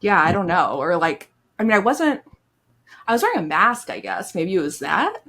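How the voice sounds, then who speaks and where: Medium in pitch but full of big swings, her slightly bright voice moves at a moderate pace. The young podcast co-host keeps things casual, cursing freely and laughing often.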